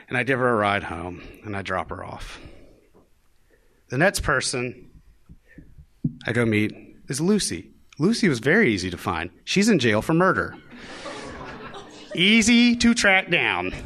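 A man telling a live story on stage in a high, bright voice. His pitch swings widely as he acts out the people he quotes with comic timing. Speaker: storyteller, former prosecutor.

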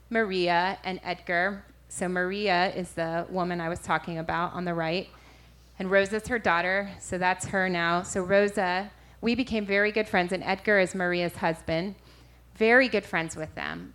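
Woman minister telling an animated testimony. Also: fairly low pitch. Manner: animated storytelling with frequent self-corrections. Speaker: street minister. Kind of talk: personal testimony to an audience.

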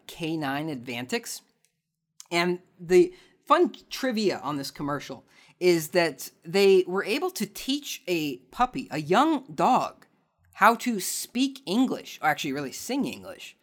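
A man's voice: a little high, a bit bright. A man hosting a podcast, answering listener questions in a sarcastic, ranting casual chat. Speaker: podcast host.

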